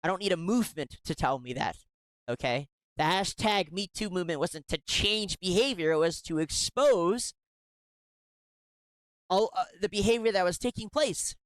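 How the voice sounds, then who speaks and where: Reading emails aloud during a commentary segment, a host responds with sarcasm and indignation. Their mid-range voice is expressive and moderately paced, though it frequently stumbles and restarts partway through sentences. The recording is close and dry, with no room sound whatsoever.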